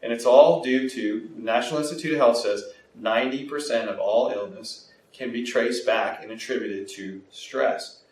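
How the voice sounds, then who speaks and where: A man being interviewed as a health practitioner, explaining in an animated way and acting out bits of dialogue. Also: mid-range voice, moderate pace. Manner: animated, acts out quoted dialogue. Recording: echoey room, mic at a distance, faint noise.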